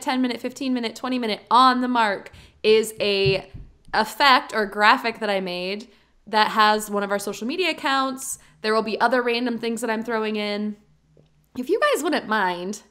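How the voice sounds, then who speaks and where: A woman's voice: on the high side, bright, forceful tone. A woman co-hosting a podcast, chatting in an upbeat, giggly and earnest way. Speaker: podcast co-host. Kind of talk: casual chat.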